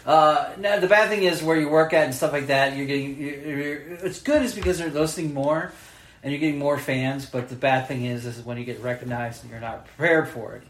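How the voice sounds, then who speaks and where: A man co-hosting a podcast, telling a story with animated voices and frequent laughs. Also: a little high, brisk. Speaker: podcast co-host. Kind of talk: casual chat. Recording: echoey room.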